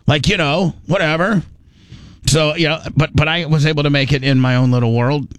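A man's voice: fairly high pitch, moderate pace, no echo. Rambling, chatty man host. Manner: rambling storyteller, many restarts, animated asides. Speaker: show host. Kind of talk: casual radio show banter.

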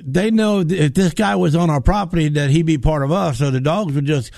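A man telling an animated story on a radio talk show, acting out the voices of the people in it. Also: fairly high pitch, brisk, gravelly, no echo, clean studio sound. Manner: animated storyteller, acts out quotes.

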